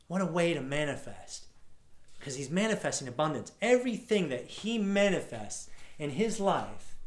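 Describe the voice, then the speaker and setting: Energetic male speaker in an echoey room. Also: on the high side. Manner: energetic, casual, swears now and then. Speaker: workshop speaker. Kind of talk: live storytelling talk to an audience. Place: large room at a live event.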